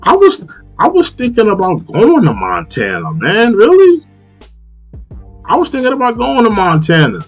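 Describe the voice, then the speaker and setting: Lively rambling New man. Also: high voice, moderate pace, soft background music. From Long Island, New York. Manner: rambling, repeats himself, laughs often. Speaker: live stream host reading chat. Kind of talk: casual chat.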